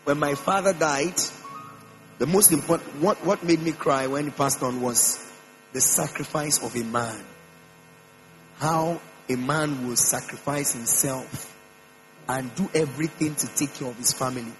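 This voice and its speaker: A man delivering a sermon to his church, his voice pitched a little high. He preaches emphatically, repeating short phrases and jumping his pitch up and down. A steady mains hum and soft music sit under the recording. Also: unhurried, low-quality recording. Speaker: pastor.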